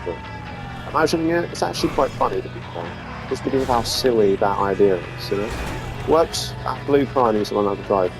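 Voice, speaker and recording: A man's voice: fairly low pitch, lively intonation, a little fast. A man giving goofy, rambling commentary while playing a game, swearing freely. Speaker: gaming video host. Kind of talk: casual gameplay commentary. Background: game music and sounds.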